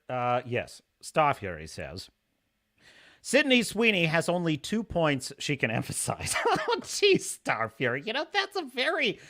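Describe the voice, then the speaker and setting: During a casual livestream, a male host talks animatedly, laughs a lot, and reads chat comments aloud. His voice is high with a sharp tone.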